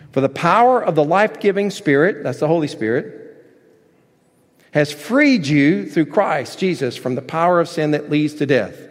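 A man preaching a sermon as pastor, emphatic, with rising shouted points and softer asides. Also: on the high side. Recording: long reverb of a large hall.

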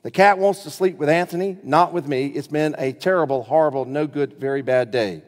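A grumpy little boy of six, slowly grumbling through every misfortune of his day, as a man reads him aloud from a storybook. The voice sits a touch high and carries a long hall reverb. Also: lightly acted. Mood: sulky. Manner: slow, sulky storybook reading.

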